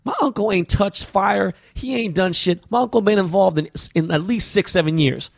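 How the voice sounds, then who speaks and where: A man from the US West Coast, a podcast guest, telling stories in an animated, profane, slang-heavy way. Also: high voice, moderate pace, creaky, no room sound. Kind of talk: casual storytelling interview.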